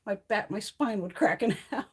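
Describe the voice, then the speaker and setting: A woman hosts a beauty livestream at her home on a mountain, bantering casually with viewers, swearing freely and laughing often in her blunt way. Her medium-pitched voice is animated, slightly rough and at a normal speed.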